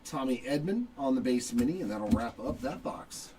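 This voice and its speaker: A man's voice: mid-range voice, animated, moderate pace, far from the mic. A middle-aged man hosting a live card break, casually joking and calling out each card as he pulls it. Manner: joking, chatty, reads out cards as he pulls them. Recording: voice somewhat off-mic with faint background noise.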